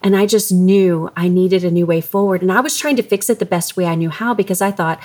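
A woman's voice: mid-range voice, a little fast, hardly any pauses, a little mellow. A woman hosting a faith-based parenting interview, telling personal stories in an earnest, emotional way. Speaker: podcast host.

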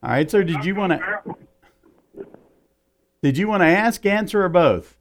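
A man's voice: sits high, animated, moderate pace, slight background noise. A man co-hosting a radio call-in show, taking callers in an easygoing, wry way in a studio. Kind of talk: casual radio call-in banter.

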